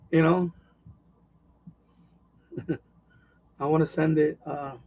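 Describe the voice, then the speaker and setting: A man hosting a radio hobby livestream, chatting casually with viewers in a rambling, excitable way with many restarts. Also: a little high, husky, lo-fi sound. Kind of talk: casual livestream chat reading viewer comments.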